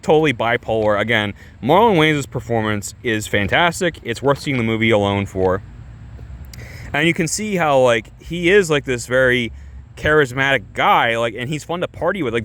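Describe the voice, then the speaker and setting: Young man, casual movie review, rambling, filler-heavy, swears, mid-pitched voice. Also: a little fast, fairly bright tone. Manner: rambling, restarts, constant filler words, swears.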